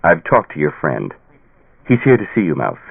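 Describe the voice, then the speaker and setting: A man's voice: a bass voice, wildly swooping pitch, moderate pace, gravelly, slightly rough, no room sound, voice pushed down, heavily acted. A man voicing a tired, patient father pleading with his daughter in an audiobook. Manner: pleading, patient, sometimes stern. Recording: tinny phone-like dry sound.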